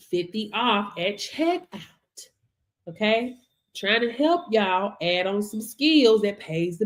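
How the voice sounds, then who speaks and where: Chatty motivational woman on a live stream. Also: mid-range voice. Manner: chatty, repetitive, laughs often, asks "you see what I'm saying?". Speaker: business coach on a live audio stream.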